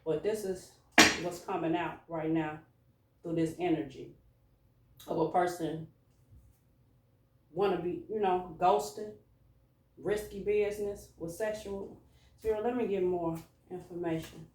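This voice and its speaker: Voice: mid-range voice, steady tone, a little slow, long pauses, warm tone, recorded from a distance. A tarot reader casually musing through a card reading for a collective audience, speaking in an informal, loose way. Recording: echoey room, voice away from mic.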